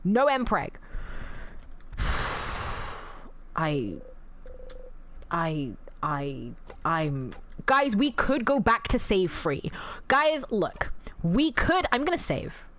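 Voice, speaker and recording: A woman's voice: fairly low pitch, very animated, extremely slow, long pauses, a bit bright, a little hiss or hum. A woman streamer rambling through emotional live commentary on a game, swearing freely and talking back to chat.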